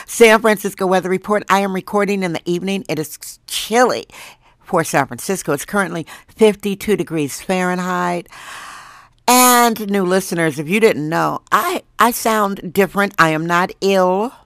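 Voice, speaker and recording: A hoarse woman from Wisconsin who has lost her voice, hosting a chatty, jokey solo podcast from home. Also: mid-range voice, moderate pace, a bit bright, no room sound, clean studio sound. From Wisconsin, USA. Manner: chatty, jokey, laughs at herself. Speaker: podcast host. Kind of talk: casual solo monologue.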